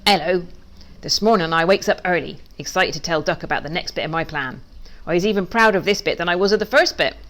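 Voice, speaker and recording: A woman's voice: on the low side, fast. Woman reading a children's story aloud. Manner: lively, playful read-aloud. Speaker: children's author.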